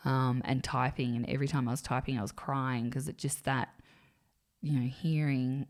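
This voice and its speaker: A woman with a notably low voice tells a school story on a casual podcast. She is an animated storyteller who keeps acting out what people said. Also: normal speed. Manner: animated storyteller, acts out quotes. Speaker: podcast co-host. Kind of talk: casual chat.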